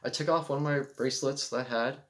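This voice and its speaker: This casual self-filmed vlog, recorded on a handheld camera mic, has a man rambling earnestly about spiritual ideas and dropping "you know" often. His medium-pitched voice stays steady and fast.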